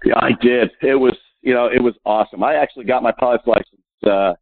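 A man in his fifties, a golfer, telling chatty anecdotes in an interview, laughing often and filling pauses with "uh". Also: mid-range voice, no echo. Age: 50s. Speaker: guest, professional golfer. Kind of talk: interview storytelling. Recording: tinny phone line, dry.

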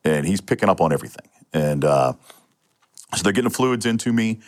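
A man's voice: low-pitched, lively intonation, fairly quick. A middle-aged man from Pennsylvania, a retired police sergeant and interview guest, telling his own story in a matter-of-fact way with frequent restarts and fillers.

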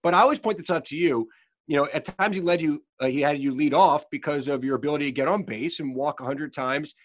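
A man's voice: on the high side, fast. A man hosting an interview, asking thoughtful, leading questions and stumbling a little as he rephrases. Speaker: interviewer, host.

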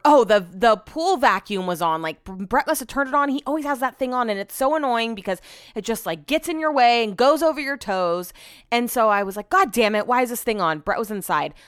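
A woman's voice: medium pitch, clear, resonant tone, no echo, studio quality. A young woman hosting a casual chat show, telling stories animatedly, swearing freely and acting out what others said. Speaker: podcast host.

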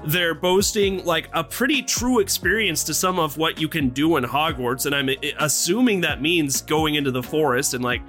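High, bright-voiced man in excited chatter. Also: normal speed, hardly any pauses, faint music behind. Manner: animated, laughs often, playfully theatrical. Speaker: podcast co-host. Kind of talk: casual chat.

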